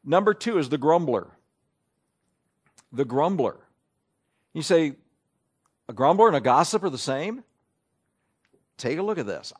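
Male preacher, higher-pitched, very lively delivery, conversational sermon full of rhetorical questions.

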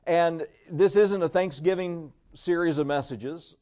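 A pastor delivers his sermon in a relaxed, talkative manner. His voice sits a little higher than most men's. He repeats lines and invites the congregation to answer back. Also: measured pace. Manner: conversational preaching, repeats phrases, asks the congregation to join in.

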